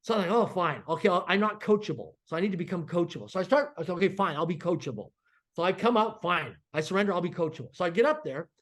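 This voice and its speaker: A man's voice: high voice, quick pace. A middle-aged man, a podcast guest, telling a story with energy and acting out the dialogue. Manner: animated, acts out dialogue in quotes.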